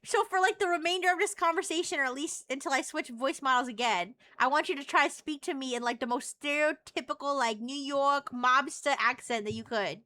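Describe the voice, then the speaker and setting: A woman's voice: high voice, a little fast, few pauses, bright, forceful tone. A woman streamer teasing and chatting playfully with an AI voice on a live stream. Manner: playful, teasing, flirty questions.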